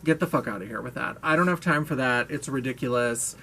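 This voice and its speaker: A woman's voice: extremely low pitch, brisk, fairly bright tone. Frank, gushing woman vlogger. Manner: gushing, playful and frank, with swearing and laughs. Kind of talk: casual chat to camera.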